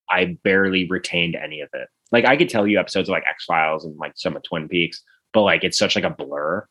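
Man, podcast co-host, low voice, rambling casual chat, squeaky impressions when retelling. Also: fairly bright tone. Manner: rambling, retells scenes with high-pitched put-on voices.

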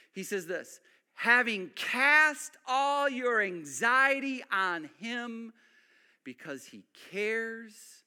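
A male pastor preaching a sermon, dropping to hushed lines and rising to loud emphatic build-ups, repeating phrases for emphasis. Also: very high voice.

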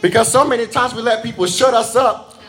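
A man preaching an impassioned evening sermon, swinging between loud calls and soft asides, drawing responses from the congregation. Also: very high-pitched, brisk.

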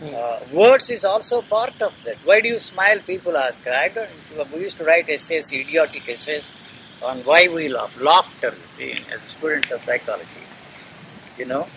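A man's voice: a little high, lively intonation, normal speed, fairly bright tone. Emphatic older-style man, noisy recording. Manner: emphatic, insistent, repeats phrases. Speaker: speaker answering questions. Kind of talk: argumentative conversation.

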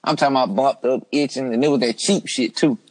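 A man's voice: medium pitch, quick pace, darkish tone, poor audio. A man hosting a casual, crude group chat, laid-back and joking, with lots of slang. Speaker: podcast host.

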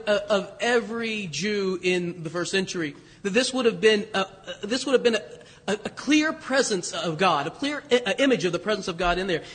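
A priest preaching a sermon, his voice pitched high for a man. He talks in a loose, conversational way with asides. The sound rings with the long reverb of a church. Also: fairly bright tone, husky. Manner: conversational, self-deprecating, with restarts and asides.

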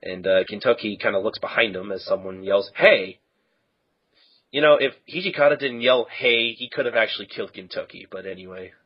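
A man's voice: on the low side, quick pace, hardly any pauses, breathy edge, highs cut off. A man co-hosting a podcast, casually recapping a manga chapter in a rambling, filler-heavy way. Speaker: podcast co-host.

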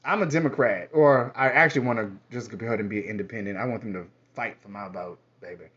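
A man's voice: lowish voice, fast, a bit bright. A man speaking to the camera in a sassy, profane, rambling casual monologue. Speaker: vlogger. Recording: dull lo-fi audio.

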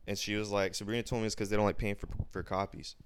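A man's voice: on the low side, level tone, fast, a little hiss or hum. Casting note: young guy, podcast co-host, crude jokes, easy laughter. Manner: joking banter, laughs often, crude. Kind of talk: casual chat.

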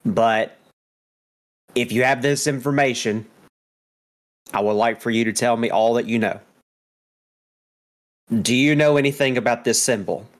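A man voicing a courteous male sage who speaks in a measured, polite way. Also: mid-range voice, close to an everyday voice.

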